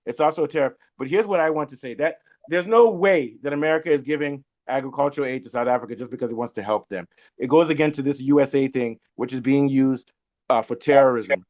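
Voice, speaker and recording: A man hosts a political discussion, speaking quickly in a mid-range, slightly mellow voice. He is emphatic and opinionated, often throwing rhetorical questions at his guest. The recording sounds muffled and lo-fi.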